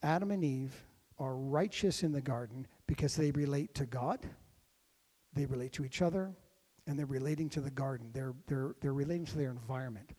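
A man preaching a sermon as pastor, dropping to a hush and then rising to loud, ringing exclamations. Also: medium pitch, a little fast, in a large hall. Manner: dynamic preaching, swinging from hushed to shouted.

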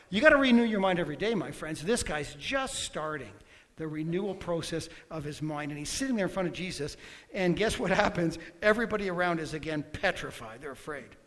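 Guy preaching, pretty high voice, goes big then drops quiet, lots of hall echo. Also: expressive, fairly quick. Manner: emphatic, swings from loud bursts to quiet asides. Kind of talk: sermon. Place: church hall. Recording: long hall reverb.

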